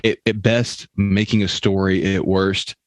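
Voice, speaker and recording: A man co-hosting a comedy podcast, asking wry questions in a halting way with frequent restarts. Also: low voice, little pitch movement, no room sound. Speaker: podcast co-host. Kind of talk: casual comedic chat.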